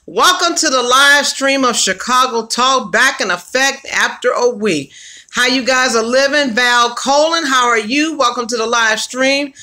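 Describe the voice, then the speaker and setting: A woman's voice: a little high, measured pace, sharp tone. A woman hosting her own livestream in a casual, upbeat way, greeting viewers by name and using slang. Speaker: livestream host.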